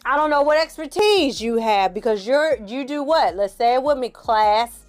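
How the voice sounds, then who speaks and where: A woman's voice: high-pitched, lively intonation, moderate pace, faint music behind, voice pushed up. A woman mocking a bossy government official. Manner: mocking, exaggerated.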